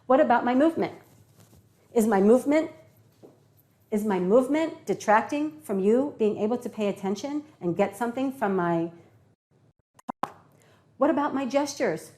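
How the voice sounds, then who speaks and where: Animated woman teaching public speaking. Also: a little high, normal speed, long pauses. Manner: animated, demonstrates tones and acts out examples. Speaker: English teacher. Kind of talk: classroom lesson on public speaking.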